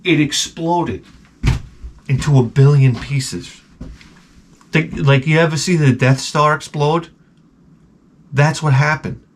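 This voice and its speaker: A man vlogging in a casual, rambling storytelling way, sarcastic and sometimes loudly exasperated. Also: on the high side, slow, long pauses, a little hiss or hum.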